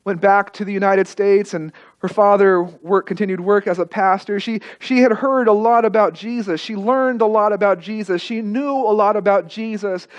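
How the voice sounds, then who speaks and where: A male pastor telling a story in a sermon, emotive, repeating phrases and dropping soft at key moments. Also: sits high, muffled recording.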